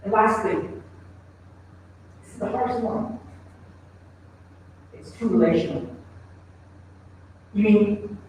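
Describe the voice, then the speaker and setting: A man's voice: sits high, slow, long pauses, darkish tone, a little hiss or hum. A man preaching a sermon as pastor, talking in a conversational way and asking the congregation rhetorical questions. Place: church sanctuary. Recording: echoey church hall, mic at a distance.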